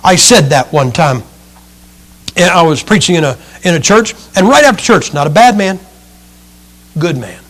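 Male preacher with a high voice, emphatic sermon delivery, swings between loud and hushed. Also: expressive, moderate pace, pauses often.

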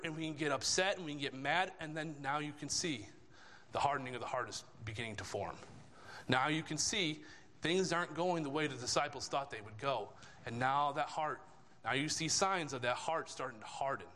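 A man's voice: a little high, moderate pace, pushed and bright. A man preaching a sermon in a church, talking it through in a conversational way with rhetorical questions. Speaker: lay preacher. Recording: long reverb of a church hall.

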